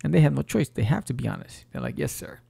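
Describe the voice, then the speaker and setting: A man's voice: mid-range voice, huge pitch swings, quick pace, creaky, warm tone, breathy edge. A man hosting a podcast and casually talking through a comic book, laid-back and joking. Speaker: podcast host.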